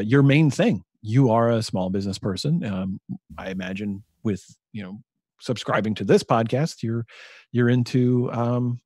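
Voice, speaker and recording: Guy cohosting a podcast, mid pitch, rambles thoughtfully, gets excited, dead dry mic. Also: no room sound. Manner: thinks aloud, enthusiastic about ideas. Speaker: podcast co-host. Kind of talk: casual podcast chat.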